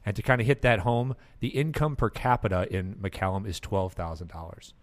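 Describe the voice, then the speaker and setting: A man with a fairly low voice hosts a podcast. His talk is loose and chatty, and it is broken up by easy laughter. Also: expressive, normal speed. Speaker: podcast host. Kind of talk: casual podcast chat.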